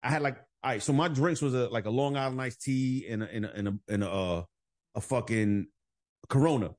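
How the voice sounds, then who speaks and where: A man tells a story on a casual podcast. He swears freely and talks in an animated way, jumping into the voices of the people he quotes. His pitch sits in the middle range. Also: brisk. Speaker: podcast host.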